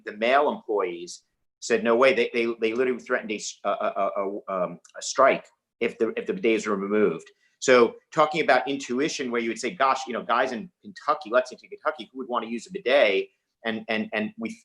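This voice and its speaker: A man with a New York accent, telling an investment anecdote on a webinar panel. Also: medium pitch. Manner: fast, animated storytelling with restarts.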